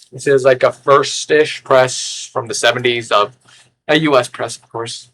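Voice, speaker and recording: A man rambling through an unscripted vlog in a sarcastic, erratic way, with sudden loud outbursts. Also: mid-range voice, fairly even intonation, measured pace. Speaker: record collector vlogger.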